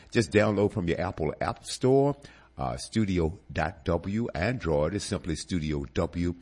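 A man with a deep, husky voice hosts a gospel radio show in a casual announcing style. He gives friendly shout-outs to listeners, often pausing on fillers, and his pitch moves in a lively way.

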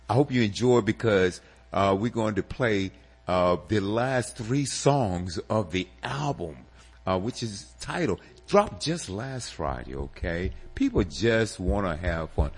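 Playful, husky-voiced male radio host. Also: lowish voice, sing-song, a little slow. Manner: jokey, theatrical, laughs easily.

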